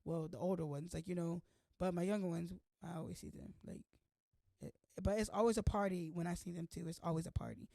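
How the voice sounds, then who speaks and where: Gravelly, chatty young woman vlogger. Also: lowish voice, fairly even intonation, fairly quick, dark tone, no echo, clean studio sound. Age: young adult. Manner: chatty, playful, says "like" constantly. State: slightly hoarse from allergies. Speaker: host. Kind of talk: casual vlog chat.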